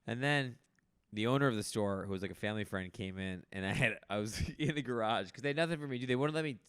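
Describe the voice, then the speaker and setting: A man's voice: lowish voice, quick pace, a bit bright, clean tone, no echo, studio quality. A man born in the United States, hosting a podcast, telling comedic stories in casual chat and laughing mid-sentence. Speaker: podcast host.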